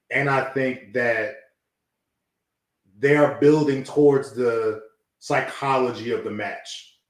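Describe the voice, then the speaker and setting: A man co-hosting a casual wrestling podcast, talking fast and acting out what wrestlers might say. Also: mid-range voice, reverberant. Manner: animated, acts out wrestlers in quick voices. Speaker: podcast co-host.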